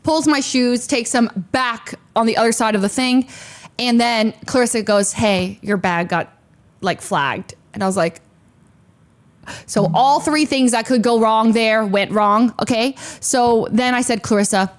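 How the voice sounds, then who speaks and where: A young woman with a fairly high voice recounts a hectic story in a casual streaming chat. She talks in quick bursts, full of fillers, little sound effects and acted-out quotes of other people.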